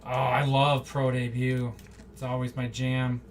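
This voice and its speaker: The speaker is a card-break host in a monotone, mid-range voice at a measured pace, making casual live-stream chatter while opening packs. Delivery is rambling and off the cuff with chatty asides. The mic is slightly distant, with a faint hum behind.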